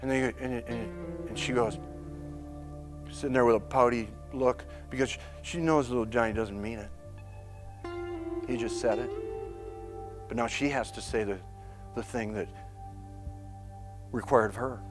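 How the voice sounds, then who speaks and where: A man's voice: mid-range voice, steady tone, measured pace, long pauses, music in the background. A man presenting a marriage course in an earnest way, teaching with everyday anecdotes and acting out little scenes. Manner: earnest, storytelling, acts out scenes.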